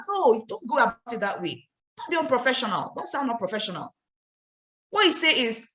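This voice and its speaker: A woman with a Nigerian accent delivers a fiery, scolding training talk in a fairly high voice. She hammers home her points with repeated rhetorical questions. The sound carries a roomy echo. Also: big pitch swings, fast, a bit bright. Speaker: network marketing trainer.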